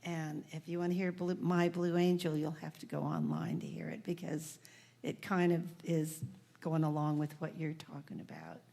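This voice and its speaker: A woman's voice: low voice, normal speed, creaky. A woman in her seventies, a singer and band leader, chatting and telling stories between songs on a live music stage. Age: 70s. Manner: relaxed storytelling with laughs. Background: band instruments, guitar.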